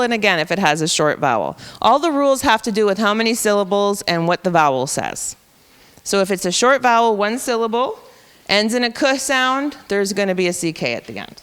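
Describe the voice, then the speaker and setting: A woman's voice: fairly high pitch, a bit bright, clear, resonant tone, in a large hall. A woman teacher patiently explaining reading rules to educators, step by step.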